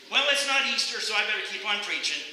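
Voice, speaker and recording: Lively male pastor, bright ringing voice, echoey sanctuary with a faint hiss. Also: high-pitched, fast. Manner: animated, conversational preaching with rhetorical questions. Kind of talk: sermon. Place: church sanctuary.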